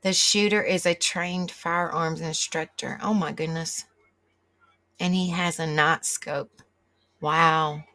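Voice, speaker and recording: A woman's voice: low voice, steady tone, slow, bright, forceful tone. A middle-aged woman, hosting a live stream and chatting casually with viewers, rambling and reacting aloud as she reads the chat. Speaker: livestream host.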